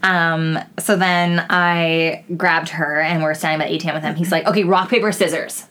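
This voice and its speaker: Low-voiced young woman telling stories. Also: flat delivery, normal speed, fairly bright tone, clean tone. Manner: chatty storytelling, frequent swearing and "like" fillers. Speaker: podcast co-host. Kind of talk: casual chat.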